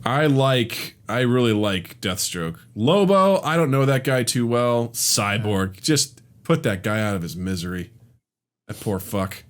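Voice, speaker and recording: A man's voice: mid-range voice, animated, unhurried. A man hosting a podcast in casual chat, reading out listener comments, laughing and swearing. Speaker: podcast host.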